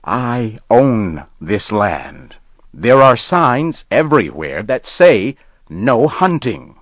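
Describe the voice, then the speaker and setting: A man's voice: deep voice, very animated, moderate pace, breathy edge, dry recording, heavily acted. A man voicing a small bespectacled landowner who is scared but stubborn, raising his voice in short, insistent demands. The recording sounds dull and lo-fi. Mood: angry, defiant.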